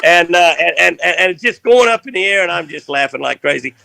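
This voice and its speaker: An older man with a drawl tells a fishing tale with a bright, gravelly edge to his slightly high voice. He rambles along with folksy energy, and the sound is dry and close. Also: fairly quick, dry recording. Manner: rambling, animated anecdote telling. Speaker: fishing guest. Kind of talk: folksy storytelling.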